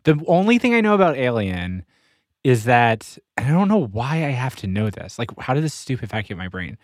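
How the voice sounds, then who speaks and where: A man's voice: medium pitch, big pitch swings, no echo, studio quality. Self-deprecating man on a podcast. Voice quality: self-deprecating, halting with restarts. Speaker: podcast co-host. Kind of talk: casual chat.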